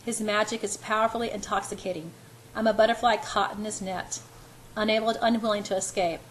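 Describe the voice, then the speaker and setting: A woman's voice: medium pitch, fairly even intonation, brisk, slight background noise, poor audio. A woman reading a romance novel aloud in an unpolished first-person voice. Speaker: amateur reader.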